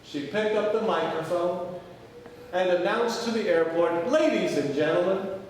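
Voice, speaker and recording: A male pastor preaching a sermon, telling stories and acting out the people in them, dropping quiet for key points. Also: high-pitched, unhurried, a little hiss or hum. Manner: acts out quoted voices, drops to quiet for key points. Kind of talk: sermon with storytelling. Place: large church sanctuary. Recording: echoey church hall from far off.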